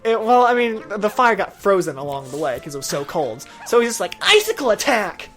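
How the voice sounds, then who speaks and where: A woman's voice: fairly low pitch, animated, brisk. A woman co-hosting a gaming video, rambling through an absurd made-up story and acting out the voices. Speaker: let's play co-host. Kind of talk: casual gaming chat. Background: game music.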